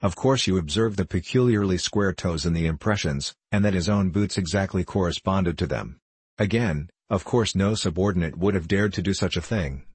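A man's voice: low-pitched, normal speed, breathy edge, no echo. A man reading Sherlock Holmes, cool and shrewd. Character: cool, shrewd male detective, calm and sure of himself. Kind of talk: audiobook character reading.

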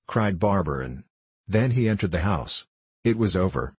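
A man narrates a novel in a calm, even manner. His voice sits very low and has a husky edge. The recording is dry and close. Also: moderate pace, no echo. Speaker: audiobook narrator. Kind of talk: scripted narration.

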